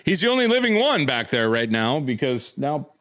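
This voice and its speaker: A man's voice: medium pitch, sing-song, normal speed, fairly bright tone, no echo, clean studio sound. A man hosting a casual chat, rambling and joking as he shows off collectibles. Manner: rambling, jokey, breaks into silly voices. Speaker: host.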